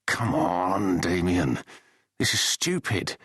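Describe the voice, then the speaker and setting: A man's voice: sits low, lively intonation, slow pace, fairly bright tone, husky, no room sound, studio quality, full character voice. A man voicing a shaken man finding an injured rider, speaking in an urgent, strained way.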